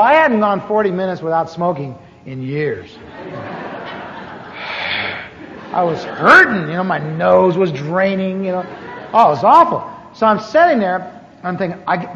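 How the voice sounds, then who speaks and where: A man's voice: high voice, normal speed, pauses often. An older man telling a humorous personal testimony, acting out the dialogue as he goes. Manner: animated storyteller who acts out the dialogue. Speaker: speaker giving a personal testimony. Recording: echoey hall, dull lo-fi sound, faint hiss.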